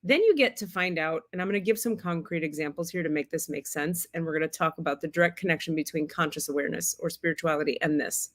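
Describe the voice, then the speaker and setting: A woman giving a casual spiritual teaching on a livestream, frank and expressive, swearing freely and playing out the voices of a child and a parent. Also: deep voice, quick pace, hardly any pauses.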